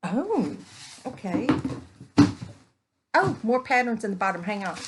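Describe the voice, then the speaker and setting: Gushing woman, slightly high voice. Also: very animated, unhurried, pauses often, very noisy. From Texas. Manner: chatty, gushing, exclaiming over each find. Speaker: vlogger. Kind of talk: casual unboxing chat. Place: home indoors, evening.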